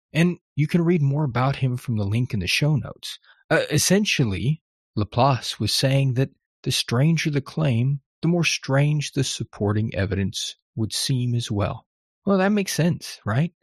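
A man's voice: mid-range voice, husky, dry recording, studio quality. A man hosting a podcast, talking through a scripted monologue in a conversational, wry manner. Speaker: podcast host.

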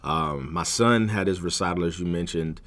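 Very deep-voiced man, relaxed chat. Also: normal speed. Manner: relaxed, rambling storyteller. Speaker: podcast co-host. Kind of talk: casual chat.

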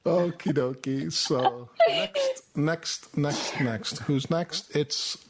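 A woman's voice: low-pitched, huge pitch swings, very slow, slightly rough. A woman hosting a casual online panel chat, tallying votes and saying "okie dokie" often. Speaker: panel show host.

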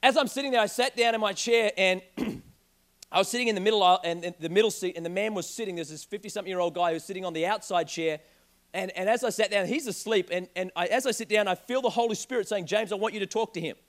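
A young man preaching a sermon, telling a joking personal story in an animated way. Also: high voice, fast talker. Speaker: pastor.

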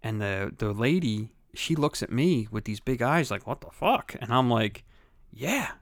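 A man's voice: fairly low pitch, expressive, moderate pace, no echo, clean studio sound. A man in casual chat, telling stories with heavy swearing and acting out other people's lines. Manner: profane storytelling, acts out other people's lines.

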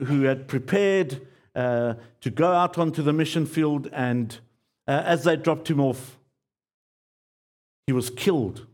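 A man preaching a sermon as pastor, earnest and pleading, repeating key phrases and dropping to quiet, low endings.

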